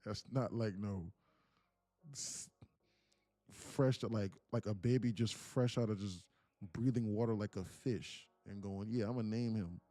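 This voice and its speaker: A man hosting a live day-trading stream, telling stories in a casual, animated way and muttering about the charts. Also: lowish voice, takes it slowly, no echo. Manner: animated storytelling, acts out quotes, laughs often. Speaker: livestream day trader. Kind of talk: casual livestream chat.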